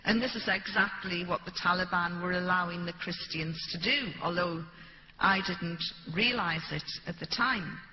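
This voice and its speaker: A woman's voice: lowish voice, normal speed, faint music behind. A British woman speaking to an audience, telling a first-person story and acting out the people she quotes. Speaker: public speaker. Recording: dull, echoey hall recording with light hiss.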